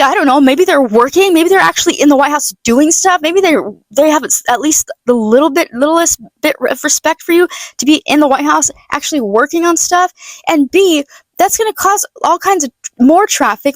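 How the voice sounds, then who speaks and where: High-voiced woman ranting sarcastically. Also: dry recording. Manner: blunt, sarcastic, profane, with many restarts. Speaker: political vlogger. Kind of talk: casual ranting monologue.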